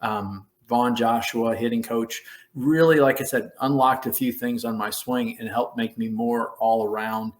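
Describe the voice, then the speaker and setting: A middle-aged American man sits as a podcast guest and spins a story from his playing days. He talks at an easy conversational pace, then pitches his voice way up to act out the shouts of coaches and his own excited replies. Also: a little slow. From United States. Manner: animated storyteller who acts out quotes in a raised voice. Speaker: former baseball player, guest.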